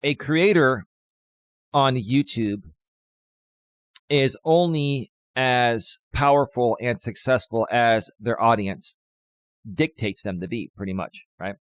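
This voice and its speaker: A man hosts a live coaching stream while fighting a cold, a little out of breath. He is mid-pitched and emphatic, repeating his key points slowly. His voice is close and dry, with no room sound. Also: no room sound. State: has a cold, a bit out of breath.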